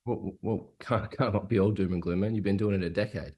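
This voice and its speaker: A man's voice: fairly low pitch, steady tone, a little fast, a little mellow, slightly rough. A man practising a sales call, hesitant and casual, often repeating words. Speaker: salesperson in training.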